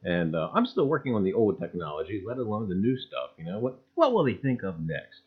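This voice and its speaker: A man hosting a treasure-hunting livestream in a folksy, chatty way, loudly greeting viewers by name and repeating catchphrases. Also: on the low side, very animated, a little fast, husky. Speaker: livestream host. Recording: dull lo-fi sound.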